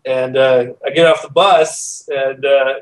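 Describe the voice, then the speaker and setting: A middle-aged man, a podcast guest, telling a personal story in a casual, animated way, acting out the voices he quotes. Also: mid-range voice, takes it slowly, recorded from a distance, noisy background.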